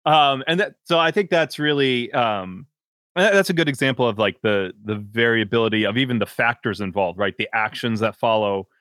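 A man's voice: mid-range voice, expressive, normal speed, a bit bright, dry recording, studio quality. A man hosting an interview, talking casually with lots of fillers and restarts. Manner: rambling, many fillers and restarts. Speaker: podcast host.

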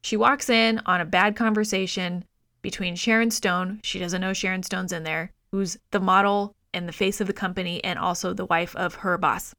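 A woman co-hosting a podcast, recapping a film in a profane, exasperated, animated way. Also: lowish voice, normal speed, dry recording, clean studio sound. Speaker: podcast co-host. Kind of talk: casual movie review chat.

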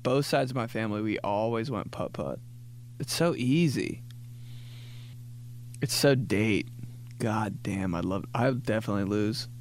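A man's voice: fairly low pitch, darkish tone, a little hiss or hum. A man in his late twenties riffing casually in a comedic monologue, rambling with lots of filler words and restarts. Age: late 20s. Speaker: podcast host.

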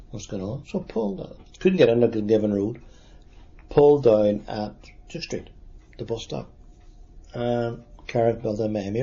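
A man in his sixties with a Derry accent, recalling past events in a halting, plain-spoken way during an oral history interview. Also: medium pitch, mellow. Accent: Northern Irish, Derry. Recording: dull lo-fi recording.

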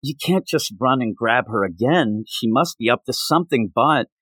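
A man hosting a podcast, recapping a comic in casual, rambling, animated chat with lots of filler words. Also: medium pitch, normal speed, husky, no echo. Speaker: podcast host.

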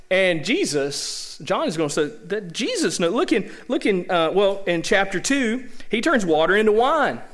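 A man preaching a sermon in a lively, joking way, often tossing rhetorical questions to the congregation. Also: sits high.

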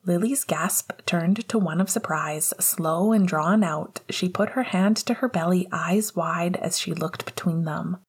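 Low, husky female audiobook narrator. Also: unhurried, hardly any pauses. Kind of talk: scripted narration.

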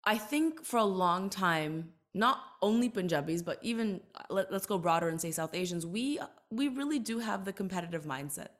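A woman's voice: mid-range voice, lively intonation. A woman in her thirties speaking earnestly and reflectively as a podcast interview guest. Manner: earnest, reflective, quick to emphasize. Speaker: guest, entertainer and author.

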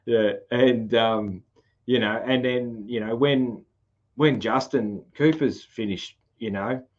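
A man's voice: mid-range voice, fairly even intonation, slow pace, dull audio. A man with a broad Australian country accent, hosting a casual podcast chat, rambling and laughing often. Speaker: podcast host.

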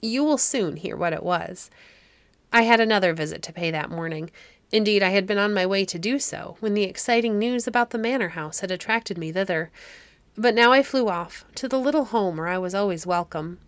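A woman narrating a classic fairy-tale audiobook in a measured storytelling manner. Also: medium pitch, fairly bright tone, dry recording.

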